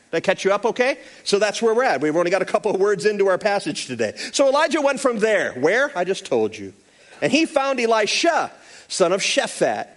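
A man, a pastor, preaching a sermon with animated, playful storytelling and quick asides. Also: sits high.

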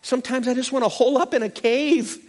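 A man, a pastor, preaching a sermon with animated, playful storytelling and quick asides. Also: extremely high pitch.

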